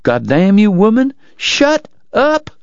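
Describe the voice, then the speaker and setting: A man voicing an ailing frontier gambler in a story reading, speaking in gruff, commanding bursts. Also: high voice, wildly swooping pitch, brisk, no echo, dull audio, pitched above the performer's own voice, heavily acted. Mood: furious.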